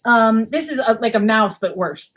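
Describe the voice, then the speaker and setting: A woman's voice: a little high, lively intonation, normal speed, a bit bright. A woman co-hosting a podcast, chatting casually and giving rambling clues with frequent giggles during a guessing game. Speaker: podcast co-host.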